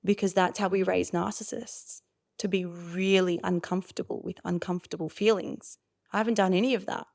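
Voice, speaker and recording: A woman in her forties coaching on parenting, her voice carrying a gravelly fry. She explains with expressive energy and slips into quick impressions of parents and kids. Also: lowish voice. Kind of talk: animated explaining in a podcast interview.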